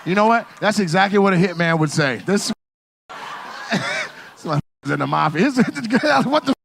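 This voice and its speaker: A male comedian doing crowd work on a club stage, teasing the audience and shouting out punchlines. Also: sits high, lively intonation, unhurried, vocal fry, slight background noise. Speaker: stand-up comedian.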